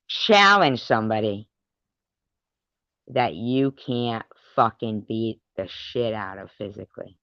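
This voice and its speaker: A woman vents in an angry vlog rant, swearing and taunting as she hammers her points home with repeated words. Her voice is smooth and clear, and she talks at a slow, deliberate pace. The recording is dry and dull, with a lo-fi sound. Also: very deep voice, a bit bright, no echo. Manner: profane and confrontational, taunting. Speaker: vlogger.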